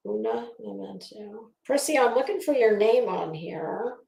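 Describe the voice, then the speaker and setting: Chatty high-voiced woman in an echoey room. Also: expressive, measured pace, gravelly, mellow. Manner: chatty, opinionated, talks straight to chat. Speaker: livestream commentary host. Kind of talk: casual livestream commentary. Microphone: phone.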